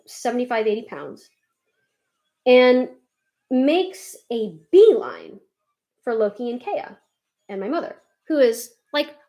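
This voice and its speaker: A young woman chatting casually while doing her makeup, rambling and swearing freely as she gets heated. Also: medium pitch. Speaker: vlogger doing a makeup tutorial.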